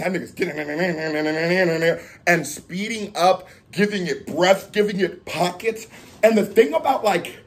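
A man hosting a casual reaction video, excitable with loud outbursts, a little out of breath. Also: high voice. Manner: excitable, loud outbursts and chanting between talk.

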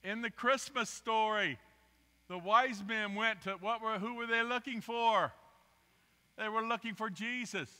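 A man preaching as a guest speaker, telling personal stories with animated, rising emphasis. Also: high-pitched, unhurried, smooth. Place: church sanctuary. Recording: long church hall reverb.

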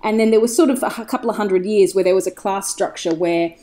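Woman guest on a podcast, warm mellow voice, rambly and excited. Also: medium pitch, fast talker. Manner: enthusiastic, digressive storyteller. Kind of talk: casual chat.

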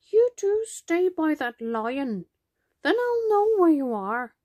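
A woman voicing a tired, fond elderly grandmother in a picture-book reading, with a soft, sleepy manner. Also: sits high, big pitch swings, takes it slowly, dry recording, studio quality, voice pushed up, full character voice. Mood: weary.

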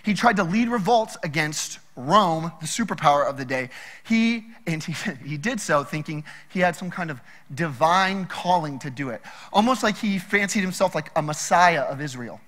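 A man preaching a sermon in a casual, animated storytelling way. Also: a little high, moderate pace, in a large hall. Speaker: pastor.

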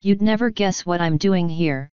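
A woman reading a gentle, rueful elderly vicar. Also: fairly low pitch, moderate pace, smooth, no echo, dull audio, close to an everyday voice. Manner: pleasant, sad, apologetic. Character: elderly male vicar, gentle, rheumatic, mildly grumbling.

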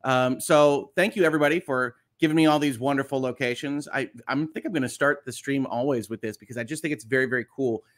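Chatting casually on his morning legal-news livestream, this man talks quickly with few pauses in a medium-pitched, slightly bright voice. He's upbeat, welcoming viewers and reading out what they comment.

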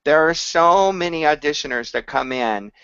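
A man teaching audition technique, explaining slowly and breaking into short sung examples. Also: on the high side, expressive, a bit bright, smooth, no echo, lo-fi sound. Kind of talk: instructional talk to camera.

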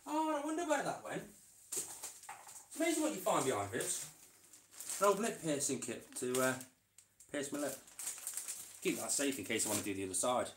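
A man's voice: mid-range voice, sing-song, moderate pace, long pauses, recorded from a distance, slight background noise. Male vlogger, casual rambling chat mid-task, recorded off-mic in an echoey room. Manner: rambling, chatty, talks to his animals while working. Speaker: reptile keeper vlogger. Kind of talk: casual vlog chat while working. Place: indoor reptile room. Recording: roomy sound, away from mic.

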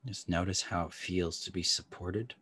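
Husky low-voiced man guiding a meditation. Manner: slow, calm, soft-spoken instructions with long pauses. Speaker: somatic practice guide. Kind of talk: guided somatic meditation.

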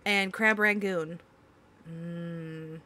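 A woman's voice: on the low side, fairly even intonation, extremely slow, bright, forceful tone, slight background noise. A young woman streamer, reading chat aloud and giggling in casual talk.

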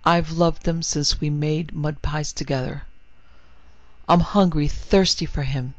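Headstrong young woman played by a man, urgent, emotional, slightly high, muffled. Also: steady tone, measured pace, dry recording. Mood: pleading. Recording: dry, slightly muffled recording.

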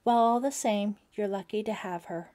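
A woman voicing a friendly young male camp counselor with a gentle, reassuring manner. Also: mid-range voice, moderate pace, close to an everyday voice. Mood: kind.

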